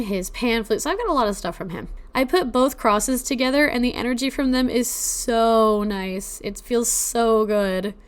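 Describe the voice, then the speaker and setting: A young woman telling her own paranormal stories on a podcast in a casual, chatty way, her voice smooth and resonant. She sounds teary-eyed and emotional, and she leans on fillers as she talks. Her pitch sits a little higher than most women's. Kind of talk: casual personal storytelling.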